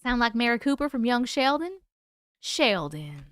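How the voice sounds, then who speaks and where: A woman hosts a home live stream, tired yet chatty, greeting viewers by name. Her voice is bright and smooth, with a lively, swooping pitch. The sound is close and dry. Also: measured pace, dry recording. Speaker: host. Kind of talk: casual live-stream chat reading comments.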